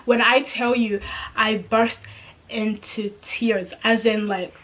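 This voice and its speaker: A young woman vlogger retelling a personal story in a slangy, animated way, acting out the dialogue. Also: a little high, takes it slowly.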